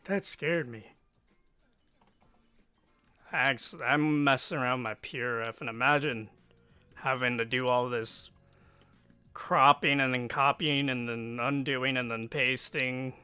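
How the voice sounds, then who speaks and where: A man's voice: medium pitch, fairly even intonation, slow, long pauses, bright, forceful tone, clear, resonant tone, no echo, faint music behind. An American man streaming live while drawing, rambling to himself in a self-mocking, offhand way.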